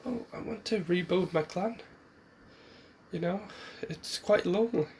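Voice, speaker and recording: Give me a man playing an earnest, lonely young ninja boy, slightly high voice. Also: unhurried, darkish tone, a little hiss or hum. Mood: wistful.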